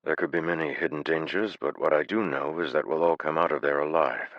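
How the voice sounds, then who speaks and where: A man voicing a calm, unflappable male adventurer leader who speaks flatly and matter-of-factly. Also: a bass voice, fairly quick, no room sound, highs cut off. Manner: calm, flat, matter-of-fact.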